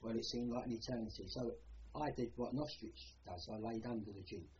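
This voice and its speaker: An older Londoner with a Cockney accent rambles plainly through memories of his war service, often dropping in "you know," for an oral history interview. His mid-range voice is steady, slightly mellow and a little fast. The recording has its highs cut off and some faint background noise.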